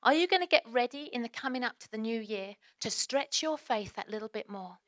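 A woman preaching a sermon in a chatty, lively way, with sudden quiet asides. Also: fairly high pitch, fairly quick.

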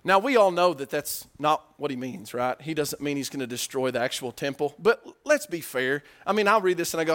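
A man with a high voice preaching a sermon. He talks to the congregation conversationally and asks them questions. He shifts between loud emphatic bursts and low, quiet stretches. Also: expressive, fairly quick.

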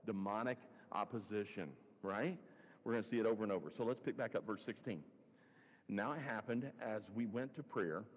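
A man's voice: on the low side, breathy edge. A male pastor preaches a sermon and reads scripture in a conversational way, musing aloud with chuckling asides. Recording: long hall reverb.

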